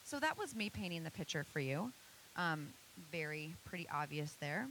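Woman presenter, earnest, rhetorical questions, lowish voice, faint hiss. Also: big pitch swings, normal speed, a bit bright, rough recording. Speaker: speaker giving a church presentation. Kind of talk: motivational talk to an audience.

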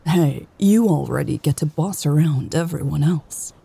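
A woman's voice: low-pitched, unhurried, vocal fry, warm tone, breathy edge, exaggerated voice. A woman reading an audiobook and voicing Louise, a wry, affectionate adult woman. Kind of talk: audiobook character voice.

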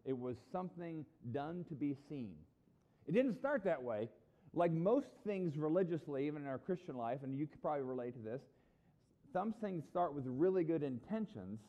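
The audio is dull as a middle-aged man, his voice on the high side, preaches at a normal speed. Conversational and animated, this pastor acts out the quoted voices in his sermon.

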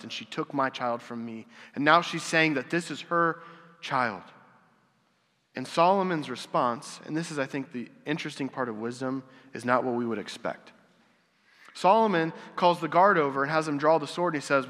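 A man's voice: a little high, pushed and bright. A man preaching a casual, conversational sermon, asking rhetorical questions and acting out quotes. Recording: long hall reverb.

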